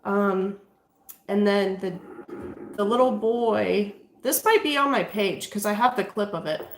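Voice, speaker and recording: A woman's voice: mid-range voice, unhurried, slight background noise. Woman, ghost-hunting session, casual chatty talk, restarts mid-sentence, questions spirits, echoey room in a house. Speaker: paranormal investigator.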